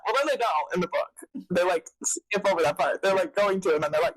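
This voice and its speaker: A woman hosting a podcast, chatting casually in a rambling, excitable way full of fillers. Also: lowish voice, moderate pace, dry recording, low-quality recording. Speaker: podcast host. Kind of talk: casual chat.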